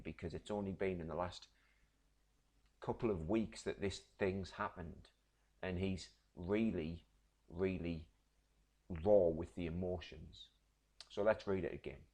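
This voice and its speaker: A man's voice: sits low, measured pace, long pauses, darkish tone. A man, teaching a literature lesson, explaining patiently and checking in with "right?". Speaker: English teacher.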